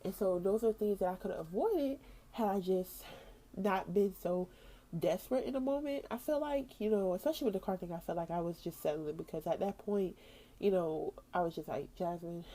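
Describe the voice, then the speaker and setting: A woman's voice: medium pitch, moderate pace, warm tone. A young woman hosting a faith podcast, talking casually and acting out her own past thoughts as she tells the story. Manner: casual, slangy, with frequent "like" and laughs. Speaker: podcast host.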